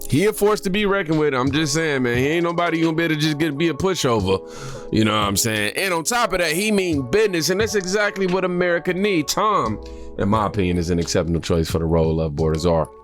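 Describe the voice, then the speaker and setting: A man's voice: on the high side, quick pace, soft background music. A man hosting a reaction video, chatting loosely and reading posts aloud while sick and short of breath. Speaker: reaction channel host. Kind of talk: casual reaction commentary.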